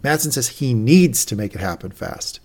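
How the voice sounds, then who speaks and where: Husky man recapping with animated quotes. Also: medium pitch, moderate pace. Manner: animated, acts out quotes from the show. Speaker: podcast co-host. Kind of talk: casual recap chat.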